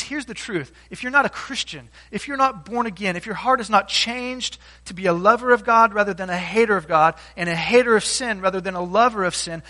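A man's voice: sits high, pushed and bright. A man preaching a sermon as pastor, earnest and emphatic, often asking his listeners rhetorical questions.

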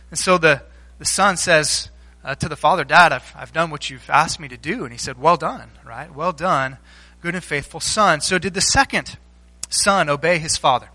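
A man's voice: high voice, pushed and bright, no room sound. A man preaching a sermon, telling a story with many fillers and restarts and asking the congregation questions. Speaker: pastor.

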